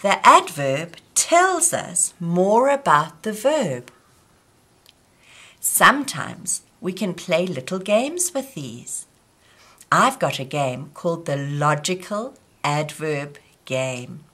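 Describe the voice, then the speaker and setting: A woman teaching young children in a gentle, patient way, often asking them questions. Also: fairly low pitch, very animated, slow pace. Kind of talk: slow children's lesson.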